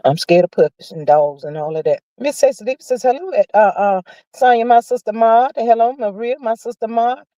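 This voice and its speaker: A woman's voice: a little high, dark tone, dry recording, poor audio. Sassy woman gossiping on a livestream. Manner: sassy, drawn-out, calls viewers honey and child. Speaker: livestream host. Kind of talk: casual gossip chat.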